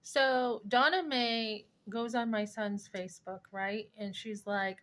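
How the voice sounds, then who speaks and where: A woman's voice: mid-range voice, unhurried, hardly any pauses. Rambling woman venting about family. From New Hampshire. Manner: animated, rambling, defensive storytelling with many fillers. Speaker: vlogger. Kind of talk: casual personal rant.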